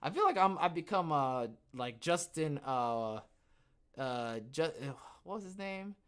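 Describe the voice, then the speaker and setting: A young man hosting a casual livestream podcast, rambling and joking, who bursts into loud, excited outbursts. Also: a little high, a little slow, clear, resonant tone. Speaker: podcast host.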